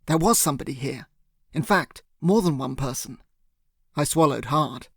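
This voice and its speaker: A man narrating a first-person thriller audiobook in a steady, earnest way. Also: mid-range voice, normal speed, no echo, clean studio sound.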